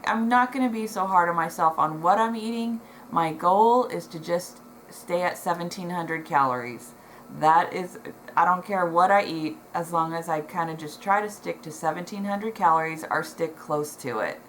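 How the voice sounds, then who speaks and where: A woman's voice: on the low side, fairly bright tone, low-quality recording. Middle-aged woman vlogging at home, emotional and heartfelt, lots of ums, a bit of hiss behind. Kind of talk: casual chat to camera. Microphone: camera in front, reading notes below it.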